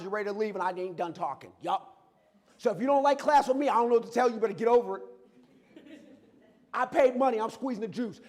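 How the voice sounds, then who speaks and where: A man giving a lively, conversational motivational talk about his own life, acting out bits of dialogue as he goes. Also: high-pitched, long reverb tail. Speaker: guest speaker. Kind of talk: motivational personal storytelling talk. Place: campus event hall.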